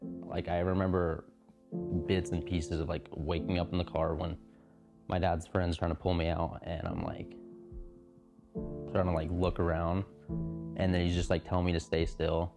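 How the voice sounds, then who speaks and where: A man of twenty telling his story in a documentary interview, halting and full of filler words. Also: sits low, vocal fry. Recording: dull lo-fi sound with music.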